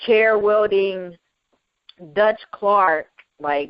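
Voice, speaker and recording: A woman chatting casually as a podcast co-host, excitable and gushing, laughing often. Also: medium pitch, slow pace, clean tone, no echo. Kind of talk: casual chat. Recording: dry lo-fi recording.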